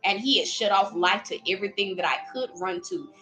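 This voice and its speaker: A woman preaching in a lively, casual way, acting out little voices as she speaks. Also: medium pitch, brisk, soft background music, low-quality recording. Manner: animated, playful, acts out voices while preaching. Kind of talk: livestreamed preaching.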